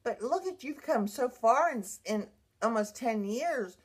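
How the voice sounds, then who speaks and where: A woman's voice: a little high, animated, unhurried, husky. Emotional woman telling her own story. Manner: emotional, rambling, with many restarts. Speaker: brain injury survivor sharing her story. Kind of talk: personal vlog monologue.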